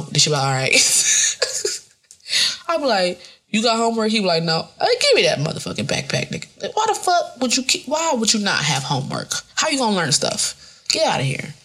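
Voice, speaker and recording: Gravelly, husky woman podcaster. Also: medium pitch, a bit bright. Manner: profane, rambling, laughing often. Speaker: podcast host. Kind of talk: casual solo podcast monologue.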